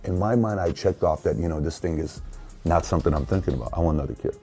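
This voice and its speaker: A man's voice: low voice, fast, darkish tone, faint music behind. A man in his forties hosting an opinionated commentary, talking emphatically and firing rhetorical questions at the listener. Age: 40s. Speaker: show host.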